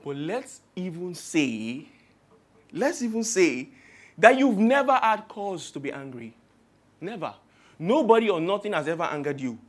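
A man's voice: high-pitched, very animated, measured pace. A man with a Nigerian accent preaching a sermon in a humorous, rhetorical way, piling up long spoken lists.

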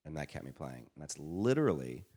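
A man in his thirties from Canada, a podcast guest telling animated stories in casual chat and acting out what people said. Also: very deep voice, fairly quick, slightly rough. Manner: animated storyteller, acts out quotes. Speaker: podcast guest, improviser and pianist.

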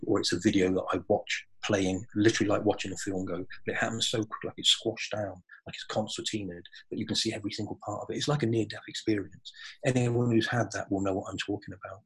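A man's voice: lowish voice, slightly rough, rough recording. A man talking earnestly and reflectively in a spiritual conversation on a podcast.

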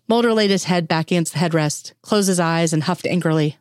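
A woman reads a story aloud in a fairly low voice. The sound is dry and close, with no room around it. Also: brisk, dry recording. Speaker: fan fiction reader. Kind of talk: storybook narration.

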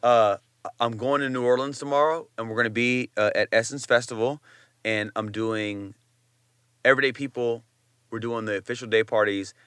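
A man who is a chef chats as a guest in a casual interview. His voice is bright and close, and the room sounds dry and dead. He tells stories loosely, with plenty of slang and profanity. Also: mid-range voice, fairly even intonation, normal speed, clean tone, no room sound.

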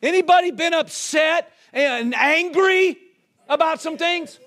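A man's voice: extremely high pitch, measured pace, fairly bright tone. A man preaching a sermon as pastor, firing off rhetorical questions and calling for the congregation's response. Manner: call-and-response preaching, rhetorical questions, acts out quoted voices.

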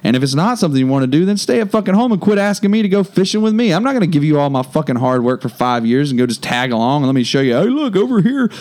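A man's voice: on the high side, rapid-fire, hardly any pauses, darkish tone. An American man co-hosting a podcast, delivering a heated, profanity-filled rant. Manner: heated, swearing, emphatic. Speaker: podcast co-host.

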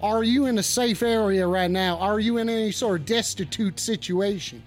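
A man's voice: high-pitched, normal speed, faint music behind, lightly acted. A man playing a stoned, blustering cowboy host of a comedic call-in radio show, with a drawling, swaggering, profane way of rambling.

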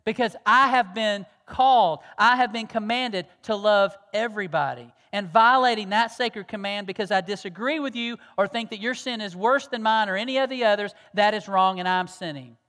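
A man preaching a sermon as pastor, earnest and pleading, moving from loud exhortation to hushed tones. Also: sits high, moderate pace, hardly any pauses. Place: church sanctuary. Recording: long reverb of a church hall.

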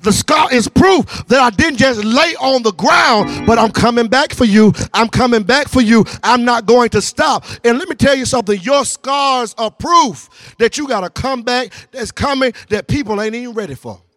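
A man preaching a sermon. He uses call and response and repeats lines, moving from low, quiet passages to shouted, sing-song peaks. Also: normal speed, few pauses, no echo, clean studio sound, soft background music. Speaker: pastor.

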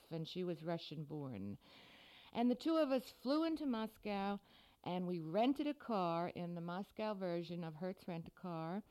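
A middle-aged woman author from the United States, giving a scripted radio talk with dry, deadpan humor. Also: fairly low pitch, smooth.

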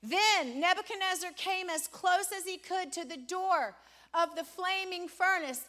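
A woman's voice: very high voice, a little slow, pushed and bright. A woman preaching a sermon to a congregation, stretching out key words for dramatic emphasis and quizzing her listeners on the next word. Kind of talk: sermon with call-and-response questions. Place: church before a congregation.

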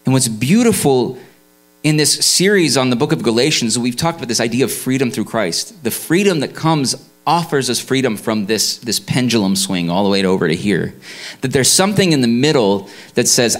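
A man's voice: mid-range voice, lively intonation, normal speed. Conversational male preacher. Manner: conversational, many restarts and fillers. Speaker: pastor. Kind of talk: sermon.

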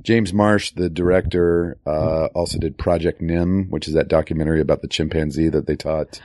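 A man's voice: extremely low pitch, fairly even intonation, moderate pace, warm tone, no echo, studio quality. A man co-hosting a casual movie podcast, rambling with many filler words. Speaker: podcast co-host.

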